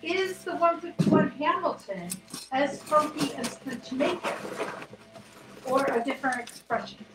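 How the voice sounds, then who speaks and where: A woman's voice: sits high, unhurried, over music. A woman off-mic reading viewer questions and giving brief, matter-of-fact replies. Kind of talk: casual off-mic chat. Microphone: off-mic, far from the microphone. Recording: distant echoey room, background noise.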